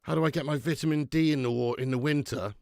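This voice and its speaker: A man's voice: a little high, steady tone, quick pace, creaky, darkish tone, dry recording, studio quality. A man hosting a live football watch-along, sick with flu, talking bluntly and swearing as he banters with viewers. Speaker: football fan channel host.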